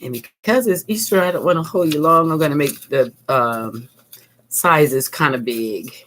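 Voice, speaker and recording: A woman's voice: deep voice, normal speed, fairly bright tone. Woman, middle-aged, upbeat craft teacher, chatty live-stream tutorial, faint background hiss. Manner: chatty, upbeat, talks to viewers as she works. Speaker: art teacher, channel host. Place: home craft desk, indoors.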